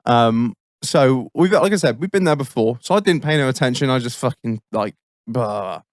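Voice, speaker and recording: Swearing nonstop and laughing often, a man hosting a podcast rambles through a long anecdote. He has a mid-range voice with lively intonation at normal speed, on a clean, dry studio recording.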